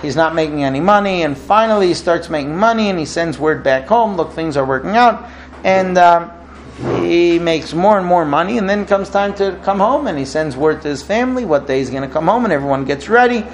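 High-voiced man telling a sermon parable. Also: expressive, fairly quick, background noise. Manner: storytelling, acting out dialogue with rising emotion. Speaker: rabbi.

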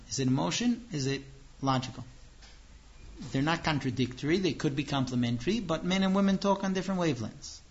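A man with a slightly high voice gives a religious lecture. He explains patiently and earnestly, slipping into acted-out dialogues. The recording is dull and lo-fi. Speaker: religious teacher.

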